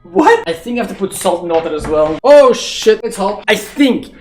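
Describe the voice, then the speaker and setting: Cooking at home, an excitable young man from Belgium streams live and talks with chat, cursing plenty and letting out sudden loud outbursts. He has a high voice and a fairly quick pace, recorded in an echoey kitchen with music faintly behind him.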